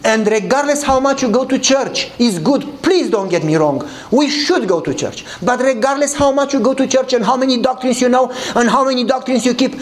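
A man's voice: extremely high pitch, a little fast, hardly any pauses. A man with a Romanian accent preaching a sermon, telling a story in which he acts out the dialogue and laughs often.

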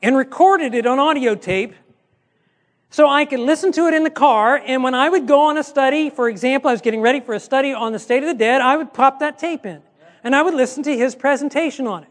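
Pastor guy with a really high voice, chatty teaching talk, long echo like a church hall. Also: fast talker. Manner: conversational, acts out quoted dialogue.

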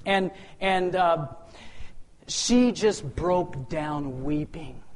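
Man, high voice, testimony storyteller; animated, plays out dialogue, swings from loud to hushed, stumbles into repeats. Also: drawn-out words, a little hiss or hum. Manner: repeats words when restarting. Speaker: speaker sharing a personal testimony.

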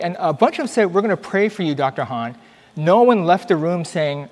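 A middle-aged man, a doctor, giving an earnest, conversational testimony talk at church with animated storytelling. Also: a little high, a little fast, long reverb tail. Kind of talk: church presentation, personal testimony.

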